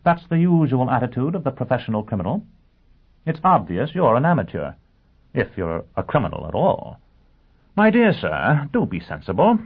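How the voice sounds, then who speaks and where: Guy doing a sure-of-himself lawyer, snappy, lively, tinny. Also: mid-range voice, brisk, husky, pitched above the performer's own voice. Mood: brisk. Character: brisk, confident male lawyer. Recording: tinny phone-like band.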